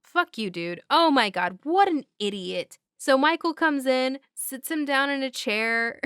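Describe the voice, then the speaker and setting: A woman hosting a podcast, recapping a film in a casual, excitable way, swearing often and laughing between lines. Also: high-pitched, unhurried, clear, resonant tone, no room sound, clean studio sound. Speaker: podcast host.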